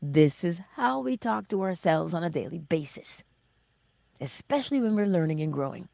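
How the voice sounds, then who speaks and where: A middle-aged woman hosting a motivational livestream, speaking slowly and emphatically and often dropping to a breathy whisper. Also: on the low side, lively intonation, mellow, no room sound. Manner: acts out her own self-talk in little voices. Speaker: livestream host.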